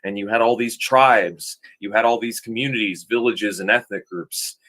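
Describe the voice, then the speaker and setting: A man's voice: on the low side, fairly even intonation, moderate pace, fairly bright tone. A man giving casual reaction commentary to a video, rambling and sometimes losing his train of thought.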